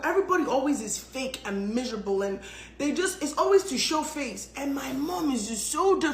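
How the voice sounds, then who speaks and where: A woman's voice: fairly high pitch, a bit bright, echoey room, slight background noise. A woman telling a story in a casual vlog, dramatic and blunt, with plenty of swearing. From United States. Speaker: storytelling vlogger.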